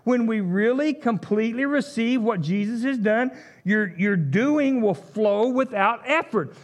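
Animated preacher man. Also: very high-pitched, unhurried. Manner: animated storytelling with jokes and asides. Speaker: pastor. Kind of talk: sermon.

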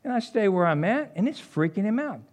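A middle-aged man preaching a sermon in a high voice that leaps all over the place. He tells stories and cracks jokes as he goes, his tone rising and falling sharply. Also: a little fast. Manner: animated storytelling with jokes and asides. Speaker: pastor.

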